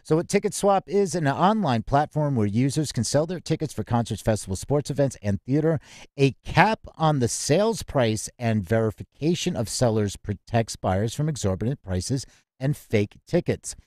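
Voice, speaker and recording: A man's voice: mid-range voice, lively intonation, moderate pace, darkish tone, no echo, clean studio sound. Casual man hosting music news chat. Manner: reads headlines then riffs loosely with many fillers. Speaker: podcast host.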